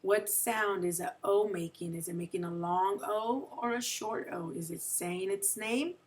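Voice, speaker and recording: A woman teacher walks young children through a phonics lesson at an unhurried, deliberate pace. She drags out each example word and keeps checking in with "right?" Her voice sits a little back from the microphone. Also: mid-range voice, far from the mic. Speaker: second grade teacher.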